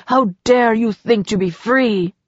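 A woman's voice: a little high, slow pace, no room sound. A woman voicing an arrogant, cruel male god who snarls with contempt, on a slightly muffled recording. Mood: snarling.

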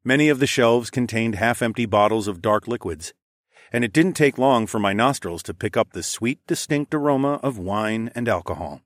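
A man narrating a first-person fantasy story in a steady, descriptive storytelling voice. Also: mid-range voice, normal speed, no room sound, clean studio sound. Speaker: audiobook narrator.

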